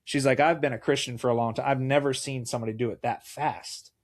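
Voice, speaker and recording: A middle-aged man, a guest on a faith talk show, telling personal stories with lively acted-out dialogue. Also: mid-range voice, fast. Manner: animated storyteller, acts out quoted dialogue. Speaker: guest, mayoral candidate. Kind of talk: casual faith conversation.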